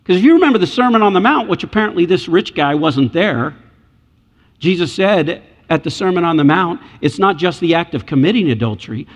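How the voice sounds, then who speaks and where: A man's voice: a little high, dull audio. A man preaching a sermon, emphatic and repeating key phrases for weight. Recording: echoey hall.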